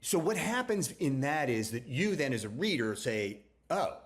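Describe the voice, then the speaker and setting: A man's voice: medium pitch, big pitch swings, moderate pace. A man, a novelist, telling the story of his book in a loose, chatty interview, restarting sentences and acting out what other people said. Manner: chatty, acts out other people's lines in quotes. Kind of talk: anecdotal conversational storytelling.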